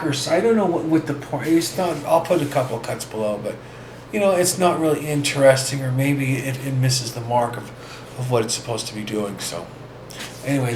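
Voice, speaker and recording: A man hosting a casual vlog, talking in a rambling, halting way with many restarts. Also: mid-range voice. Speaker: vlog host. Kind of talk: casual record-collecting vlog. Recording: echoey room with faint ambient noise.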